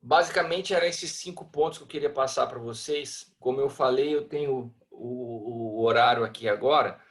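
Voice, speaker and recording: A man's voice: mid-range voice, fairly quick, a bit bright. A man, teaching a church marriage class in a conversational way over a video call. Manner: conversational, acts out a selfish husband.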